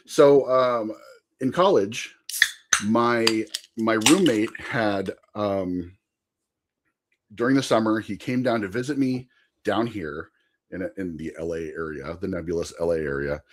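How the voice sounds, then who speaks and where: A man's voice: fairly low pitch, unhurried, background noise. A man chatting casually on a podcast, telling a long rambling story and laughing often. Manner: chatty with frequent fillers and asides.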